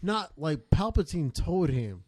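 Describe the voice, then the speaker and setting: Male co-host, slightly high voice, dry close sound, earnest and profane. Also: very animated, darkish tone, no echo. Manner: quick, earnest, profane, with lots of "you know what I mean". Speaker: podcast co-host. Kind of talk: casual chat over drinks.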